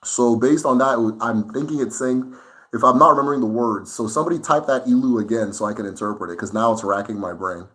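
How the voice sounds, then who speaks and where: A man hosting a casual livestream Q&A, speaking conversationally and often checking in with "right?". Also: mid-range voice. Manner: relaxed and unhurried, with fillers and restarts while thinking. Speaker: host answering viewer questions.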